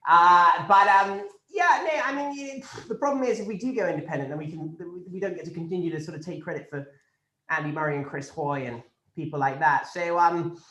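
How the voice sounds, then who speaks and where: A smug, entitled Tory minister, as a comedian puts him on, speaking in a plummy upper-class English voice and rambling through posh fillers and casual swearing. The voice sits at a middle pitch and sounds like it was recorded in an echoey room. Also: male voice, fairly quick, sharp tone. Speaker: comedian in character as a government spokesman. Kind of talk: improvised satirical press conference.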